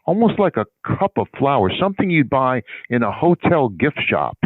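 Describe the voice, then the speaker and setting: Heard on a dry, tinny phone connection with no echo, an older man of medium pitch tells a long story at a moderate, sing-song pace. A guest on a sports PR interview, he rambles conversationally and imitates the people he describes.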